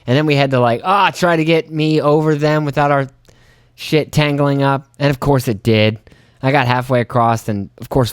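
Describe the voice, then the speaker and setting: A man's voice: fairly even intonation, normal speed, smooth, no room sound, studio quality. Profane rambling man telling stories. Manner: profane, rambling, acts out his own reactions in high voices. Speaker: podcast host. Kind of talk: casual solo storytelling.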